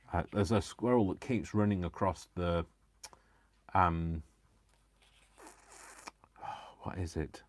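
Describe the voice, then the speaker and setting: This man's voice sits low, with no room sound in the recording. He hosts a crafting livestream and chats as he works, rambling, giggling, and poking fun at himself.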